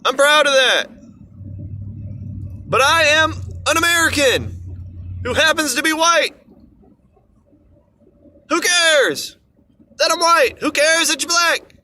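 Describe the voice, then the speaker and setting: A man's voice: very high-pitched, animated, slow, pauses often, pushed and bright. A man ranting in an exasperated, sarcastic way in an opinion vlog. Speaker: vlogger. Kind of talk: opinion rant to camera.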